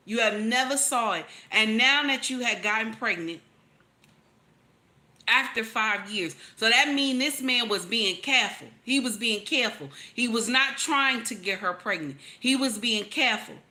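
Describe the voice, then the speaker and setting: Woman, 30s; preachy relationship commentator, repeats herself for emphasis; bright, slightly high voice. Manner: emphatic, repeats lines, calls out to listeners.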